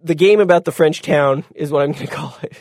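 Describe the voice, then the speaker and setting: A man's voice: on the high side, brisk, vocal fry, darkish tone, dry recording. Rambling man with a dry close voice. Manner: rambling, full of ums and restarts, chuckles at his own stumbles. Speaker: gaming podcast host. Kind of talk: casual chat.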